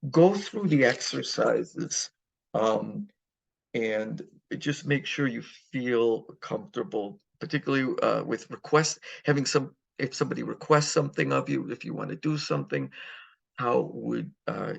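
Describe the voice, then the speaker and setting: Gravelly-voiced man teaching a lesson. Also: medium pitch. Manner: relaxed, halting, many fillers. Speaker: Spanish teacher. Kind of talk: recorded language lecture.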